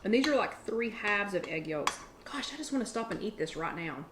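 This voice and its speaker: A woman's voice: mid-range voice, animated, brisk, a bit bright. Woman, chatty, rambling, live cooking chat, home kitchen, faint noise behind. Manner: chatty, restarts sentences, eats while talking. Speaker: online workshop host.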